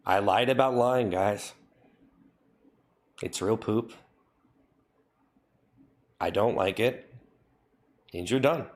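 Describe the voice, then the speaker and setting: A man's voice: on the low side, slow pace, long pauses. A man streaming live, reading chat and scolding his viewers in a mock-stern, repetitive way. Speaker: livestreamer.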